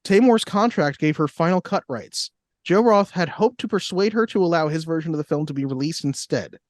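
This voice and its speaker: A man's voice: fairly high pitch, expressive, fairly quick, dry recording. A man co-hosting a podcast, reading out facts and adding dry jokey asides. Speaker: podcast co-host. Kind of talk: casual chat, reading facts.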